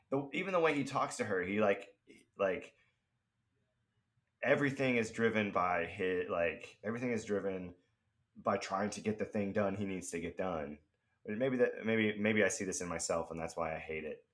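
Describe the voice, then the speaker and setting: A man co-hosts a film podcast in casual chat. His voice sits a little low, and he talks in halting, stop-start bursts while venting. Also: fairly bright tone. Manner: halting, many fillers and restarts, ranting. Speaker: podcast co-host.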